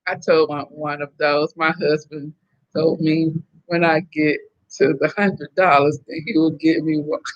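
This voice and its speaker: A middle-aged woman from the Southern United States hosts a relaxed live stream. Her voice is bright and forceful as she chats away in an animated, talkative manner. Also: sits low, slow, pauses often, highs cut off. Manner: chatty and animated, laughing often. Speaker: host reading viewer comments. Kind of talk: casual live-stream chat.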